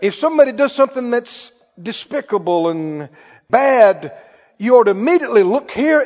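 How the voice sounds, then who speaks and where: A man's voice: very high-pitched, animated, moderate pace, darkish tone. A man preaching a sermon to a live congregation in a church, emphatic, repeating key phrases and asking the listeners whether they hear him. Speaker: pastor. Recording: echoey hall, dull lo-fi sound.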